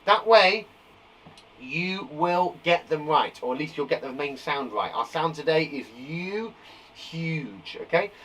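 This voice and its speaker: Male teacher, lively sing-song voice, slow careful pace, phonics lesson for small kids, a bit distant from the mic. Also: a little high, slight background noise. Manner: upbeat, encouraging, slow deliberate sounding-out of words. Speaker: primary school teacher. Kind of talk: live online phonics lesson for young children. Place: garden shed classroom.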